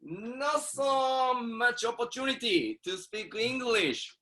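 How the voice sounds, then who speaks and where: Japanese host, high bright voice, slow, hesitant English speaker. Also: male voice, animated. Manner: hesitant, many uh fillers. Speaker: channel host. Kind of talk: casual video call chat. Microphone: video call.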